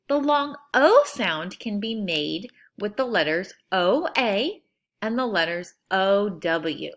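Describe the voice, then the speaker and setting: Woman teacher, children's phonics lesson, slow delivery, pitch rising and falling a lot. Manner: slow, stretched-out sounding of words.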